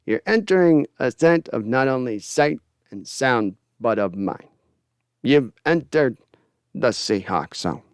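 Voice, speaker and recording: A man's voice: mid-range voice, lively intonation, smooth, dry recording, clean studio sound, pitched below the performer's own voice. A man doing a clipped, ominous TV narrator. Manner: slow, clipped, stiff-lipped, ominous. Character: solemn male anthology-series TV narrator, clipped and ominous.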